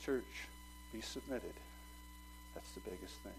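A man's voice: huge pitch swings, measured pace, gravelly. Guy pastor preaching, big ups and downs in his voice, bit of hum under it. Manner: preaching with big swings from loud urging to low asides. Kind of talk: sermon.

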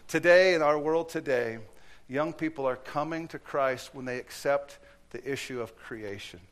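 At a moderate pace, this man preaches in a church with a mid-range voice. Stories with dramatized quotes fill his sermon, and he shifts between loud and hushed tones.

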